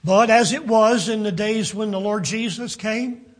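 Slow, breathy-voiced preacher. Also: male voice, high-pitched. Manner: earnest, deliberate, dropping to a near-whisper for emphasis. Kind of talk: sermon.

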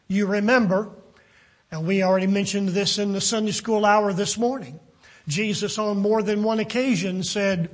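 A man preaching a sermon in an earnest, deliberate way, at times dropping almost to a whisper to stress a point. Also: high-pitched, steady tone.

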